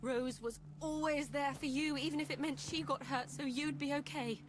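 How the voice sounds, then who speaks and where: An actress voicing a solemn woman in a pirate game who is about to attempt a forbidden ritual, speaking earnestly and gravely. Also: sits high, fairly even intonation, normal speed, close to an everyday voice. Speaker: game character. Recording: game audio under music.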